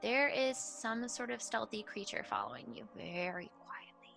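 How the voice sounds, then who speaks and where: Bright-voiced woman running a tabletop game. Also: on the high side, normal speed, vocal fry, faint music behind. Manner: laughing, loose and chatty. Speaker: dungeon master.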